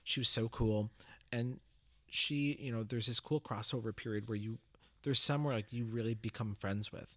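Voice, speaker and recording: A man chatting as a guest, telling stories in a lively way with many fillers and restarts. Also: mid-range voice, normal speed, no room sound. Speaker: guest, medium and teacher. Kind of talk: casual storytelling chat.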